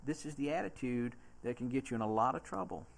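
Here a Southern-accented male pastor gives an animated sermon with vocal fry. He reads scripture slowly, moving from quiet, low passages to loud, forceful preaching.

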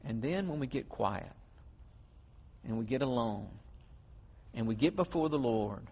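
A man preaching a sermon, emphatic, swinging from loud stress to hushed tones. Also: medium pitch, animated, a little slow, pauses often, husky, muffled recording.

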